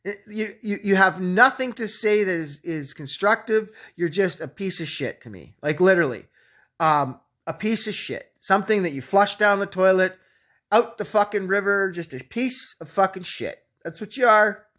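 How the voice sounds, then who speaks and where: High-voiced guy almost fifty, cussing nonstop, picking a fight. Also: normal speed, pushed and bright. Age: 40s. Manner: swears constantly, blunt and combative. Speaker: YouTube channel owner. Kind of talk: profane angry rant.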